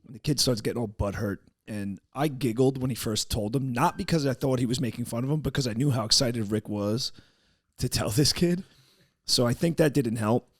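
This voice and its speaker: A man's voice: mid-range voice, a little fast, husky, dry recording, clean studio sound. A young man, telling a story on a podcast and acting out the voices of the people in it, swearing freely. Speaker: podcast co-host. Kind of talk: casual storytelling chat.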